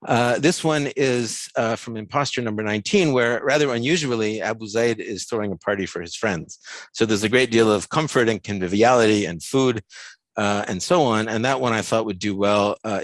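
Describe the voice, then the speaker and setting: American male lecturer, low voice, dry sound, easygoing and self-deprecating, lots of ums. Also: dry recording. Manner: relaxed, self-deprecating, many fillers. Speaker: guest lecturer. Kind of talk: academic seminar talk.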